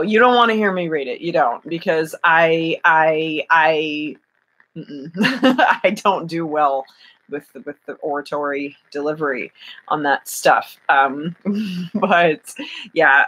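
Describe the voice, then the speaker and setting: A woman's voice: deep voice, fairly bright tone. Giggly, chatty woman streaming live. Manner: giggly, chatty, many fillers and restarts. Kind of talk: casual live-stream chat.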